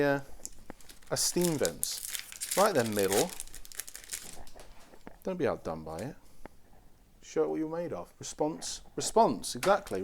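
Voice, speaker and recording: A man's voice: medium pitch, a little hiss or hum. A man hosting a casual card-opening stream, chatty and teasing as he talks to the packs. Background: crinkling foil wrappers.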